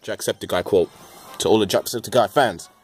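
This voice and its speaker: Man, casual gameplay commentary, joking, mild swearing, stumbles and restarts, low voice. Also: fairly quick, a little hiss or hum. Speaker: let's play gamer.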